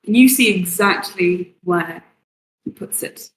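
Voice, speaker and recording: A woman narrating a tabletop game as game master, setting each scene slowly and in detail. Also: lowish voice, reverberant, poor audio. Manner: slow, descriptive scene-setting.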